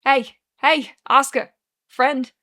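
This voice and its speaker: A frazzled, wisecracking bartender man who swears constantly and talks in old-time slang, as a woman acts him out. The voice sits fairly high and pushes loud, cutting through a busy room. It comes from a dramatic fanfiction reading. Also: fairly quick. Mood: urgent. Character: brash, fast-talking male bartender, frazzled.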